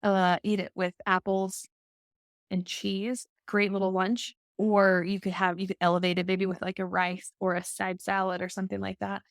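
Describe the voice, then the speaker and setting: A young woman co-hosting a podcast in an easy, chatty way, filling her talk with "like" and laughing often. Her voice has a gravelly, fry-tinged edge at a middle pitch. The sound is close and dry. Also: little pitch movement, moderate pace, no room sound. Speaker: podcast co-host. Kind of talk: casual chat.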